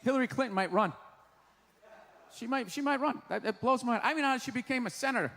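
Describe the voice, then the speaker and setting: A man doing a stand-up comedy set on a stage before a live audience, ranting and often shouting his punchlines. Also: very high voice, quick pace. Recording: live show hall with crowd noise. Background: audience laughter and murmur.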